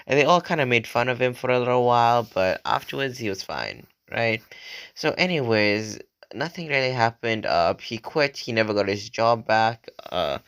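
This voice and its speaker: A young man retelling a story in a relaxed, casual way, often tagging sentences with "right?". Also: on the low side, clean tone, dry recording. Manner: relaxed, frequent "like" and "right?" tags. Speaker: channel host retelling an online post.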